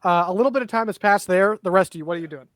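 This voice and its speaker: A man's voice: sits high, very fast, a bit bright, no echo. A man running an online tabletop game as game master, narrating events in an easygoing, matter-of-fact way.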